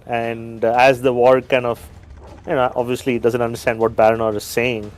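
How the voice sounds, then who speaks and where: A man playing a tabletop game, chatting casually and hesitating over fillers as he describes his turns. His voice sits at a middle pitch, and soft music plays in the background. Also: little pitch movement, moderate pace. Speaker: player.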